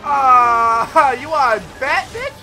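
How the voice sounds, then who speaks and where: A man giving loud, profane, excitable commentary while playing a video game. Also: very high voice, slow. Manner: loud, profane, yelling reactions. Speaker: gameplay commentator. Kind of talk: excitable let's-play commentary. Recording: game audio with music behind.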